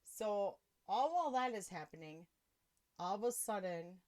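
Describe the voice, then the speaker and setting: A woman hosting a podcast, telling a personal story in a casual, animated way and laughing often. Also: medium pitch, a little slow. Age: adult with children. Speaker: podcast host.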